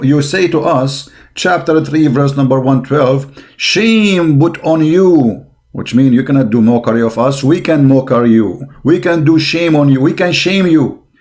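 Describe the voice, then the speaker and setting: A man's voice: on the high side, darkish tone. A man giving a combative religious monologue, blunt and scornful, speaking emphatic English with broken grammar. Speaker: religious polemic commentator.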